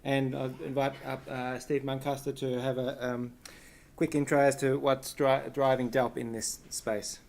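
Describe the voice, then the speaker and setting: A man introducing the next speaker at a seminar, slow and hesitant with fillers. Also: medium pitch, vocal fry. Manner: slow, hesitant, flat delivery. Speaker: event chair introducing speakers. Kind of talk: event introduction.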